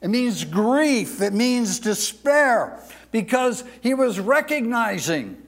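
Slow, high-voiced preacher man. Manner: dramatic, swinging between loud declaiming and hushed near-whispers; draws out words for emphasis. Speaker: pastor. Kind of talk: sermon.

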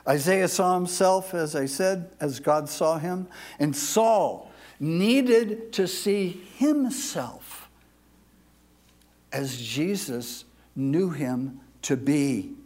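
This male preacher's voice sits slightly high and moves extremely slowly. His sermon is theatrical, shifting from booming proclamation to hushed, almost whispered lines, with words stretched out to stress them.

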